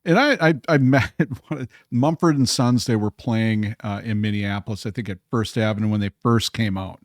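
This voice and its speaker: A man's voice: fairly low pitch, normal speed, no echo, clean studio sound. A man, co-hosting a podcast, telling rambling bar stories and acting out the voices of the people in them. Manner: rambling, acts out quoted voices. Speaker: podcast co-host. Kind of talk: casual bar chat, storytelling.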